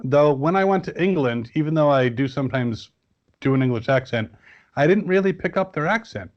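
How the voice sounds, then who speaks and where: A man's voice: on the high side, expressive, fairly quick, muffled recording. A man chatting casually as a guest on a podcast, rambling with many fillers and restarts. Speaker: guest toy reviewer.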